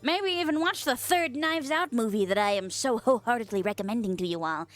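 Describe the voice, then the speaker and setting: A young woman streamer chatting casually with her viewers, playful and giggly, swearing freely and yelping in a squeaky voice. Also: fairly quick. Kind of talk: casual chat reading viewer messages. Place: home office.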